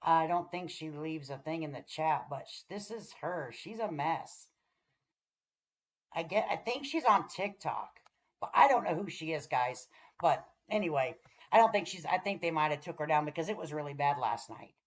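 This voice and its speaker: A woman's voice: low voice, expressive, moderate pace. A woman, chatting loosely with her livestream viewers. She talks in a folksy, plain-spoken way and swears freely. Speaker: livestream host. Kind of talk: casual livestream chat.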